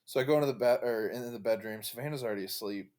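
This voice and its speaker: A man in relaxed podcast chat who mostly answers with short agreements. When it's his turn, he tells his own story in an easygoing way. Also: medium pitch, very fast. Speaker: podcast guest. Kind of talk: casual chat.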